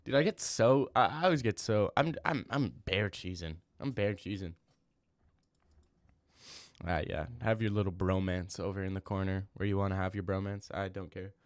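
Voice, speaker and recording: A brash young man talks casually on a livestream, answering his chat in loose, slangy bursts. His voice sits low, and the sound is dry and close with no room around it. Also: normal speed, no room sound. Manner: brash, trash-talking, slangy, rambling. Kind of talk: casual live-stream chat.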